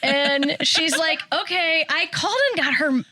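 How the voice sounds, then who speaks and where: A woman's voice: a little slow, no room sound. A middle-aged woman, co-hosting a podcast and telling a story in casual chat, acting out the voices of other people. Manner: animated storyteller, acts out quoted voices high. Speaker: podcast co-host.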